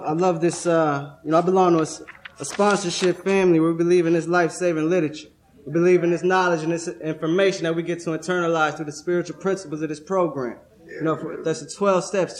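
Young guy talking at a recovery convention, high voice, swears a lot, keeps saying right?. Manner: streetwise, profane, peppers with "right?". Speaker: workshop speaker at a recovery convention. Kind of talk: testimony-style workshop talk. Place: convention room.

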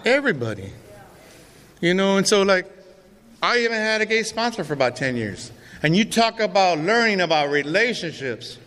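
A man's voice: high-pitched, very animated, normal speed, a bit bright. A middle-aged man speaks to a recovery meeting, telling his own story in a raw, profane, streetwise way. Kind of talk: testimony talk to a recovery meeting. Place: meeting hall. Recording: reverberant hall with faint room noise.

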